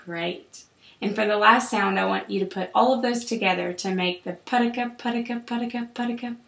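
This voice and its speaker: A woman clinician calmly guiding a patient through an oral exam, with steady, encouraging instructions. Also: medium pitch, moderate pace, creaky. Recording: roomy echo.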